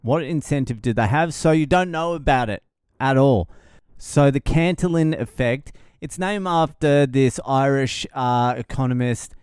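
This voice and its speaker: A man's voice: medium pitch, a little slow, darkish tone, smooth, no room sound, studio quality. A man hosting a podcast, talking in a rambling, sardonic and profane way and laughing at his own jokes. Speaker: podcast host. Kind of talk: casual monologue podcast.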